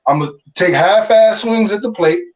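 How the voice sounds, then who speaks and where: Animated Chicago baseball veteran, distant, dull. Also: male voice, sits high, normal speed. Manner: loose, animated, slangy, frequent restarts. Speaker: former pro baseball player, guest. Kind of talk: candid interview storytelling.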